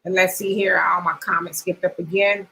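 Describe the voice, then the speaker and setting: A woman's voice: on the low side, level tone, normal speed, gravelly, bright, forceful tone, low-quality recording. A middle-aged woman, hosting a livestream and reading viewer comments aloud, laughing often between her asides. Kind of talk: casual chat.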